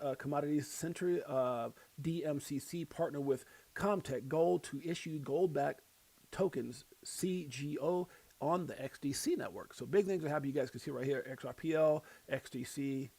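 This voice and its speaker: A man's voice: fairly high pitch, warm tone. A middle-aged man hosting a casual livestream, rambling, chuckling often and reading posts aloud. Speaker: crypto livestream host.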